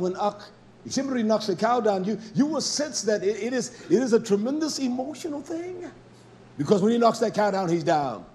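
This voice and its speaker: A man preaching a fiery, scolding sermon, dropping to low mutters and then climbing to loud, pressing exhortation. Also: slight background noise. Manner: blunt, scolding, with mild cursing.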